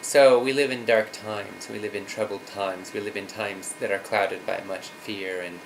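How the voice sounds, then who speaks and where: A man's voice: fairly low pitch, steady tone, normal speed, vocal fry, slight background noise, rough recording. A man in his thirties telling a personal story as a father, earnest and reflective, with some fillers.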